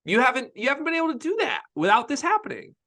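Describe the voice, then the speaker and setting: A man's voice: very high voice, huge pitch swings, fast talker, pushed and bright. A young man co-hosting a casual sports podcast, opinionated and emphatic, often repeating himself as he makes his point. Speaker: podcast co-host.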